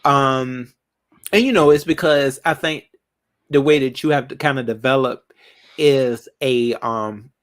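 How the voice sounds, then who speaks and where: A man's voice: mid-range voice, unhurried. A man hosting a casual live chat with callers, laid-back and rambling, with lots of fillers. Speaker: livestream host.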